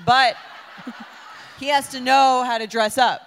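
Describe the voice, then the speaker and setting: A woman's voice: sits high, fairly even intonation, takes it slowly, fairly bright tone, a little hiss or hum. A woman co-hosting a live comedy show, giving wry opinions with a laugh. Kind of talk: live comedy panel banter.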